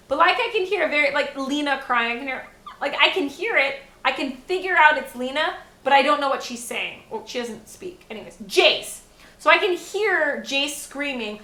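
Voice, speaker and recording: High, bright-voiced woman streamer. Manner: chatty, rambling, swears freely, talks to her chat. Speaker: live streamer and mother. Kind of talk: casual chat while cooking on stream. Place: home kitchen. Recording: echoey room.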